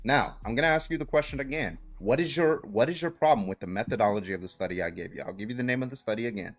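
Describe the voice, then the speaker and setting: A man's voice: mid-range voice, racing. A man hosting a livestream debate, citing studies, repeating his question insistently and mocking his opponent. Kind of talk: heated online debate.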